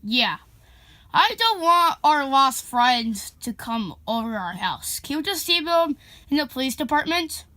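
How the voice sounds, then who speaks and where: A woman voicing a gruff young male bird leader in a plush toy skit, talking low and grumbling. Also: big pitch swings, measured pace, sharp tone, exaggerated voice. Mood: grumpy.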